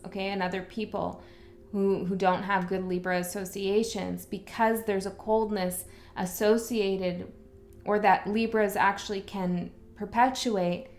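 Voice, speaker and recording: A woman giving a casual spoken tarot reading, talking frankly and often checking in with the listener. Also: mid-range voice. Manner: chatty, frank, checks in with "okay?". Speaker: tarot reader. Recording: roomy echo, faint music.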